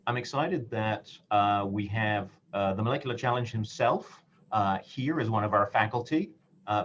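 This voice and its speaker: A man, an oncologist, moderating a medical panel in a measured way with frequent pauses. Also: fairly low pitch, fairly bright tone. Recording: dull lo-fi audio with faint noise.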